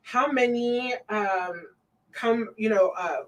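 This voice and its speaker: Woman from colorado, podcast host, chatty and animated, sitting back from the mic. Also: fairly high pitch, takes it slowly, far from the mic, rough recording. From Colorado, USA. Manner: animated, laughing, swearing freely. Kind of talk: casual conversation.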